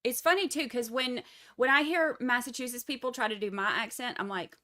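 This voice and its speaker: A woman's voice: fairly high pitch, brisk, sharp tone. A woman with a Texas accent giving casual, joking live-stream commentary on a trial and talking to her viewers. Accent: Texan. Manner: chatty, joking asides to viewers.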